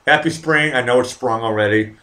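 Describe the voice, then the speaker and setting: A man's voice: medium pitch, fairly quick, pushed and bright. A man hosting his own live online show, chatting casually to his viewers, rambling and swearing a lot while drinking. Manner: rambling, profane, talks to the chat. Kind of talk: casual live-stream chat.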